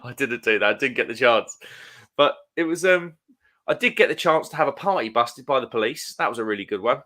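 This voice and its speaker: A man's voice: medium pitch, lively intonation, a little fast, pushed and bright. A man from England with a London accent, in his thirties, hosting a casual live stream chat and telling stories with plenty of laughs. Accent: London English. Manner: chatty storyteller, laughs often.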